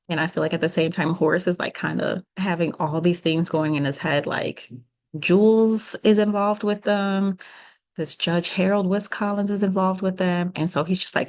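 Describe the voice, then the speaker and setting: A woman's voice: on the low side, steady tone. A young woman co-hosting a podcast, casually recapping a show and acting out bits of dialogue with lots of "like". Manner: retells scenes with quick quoted voices, lots of "like". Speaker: podcast co-host.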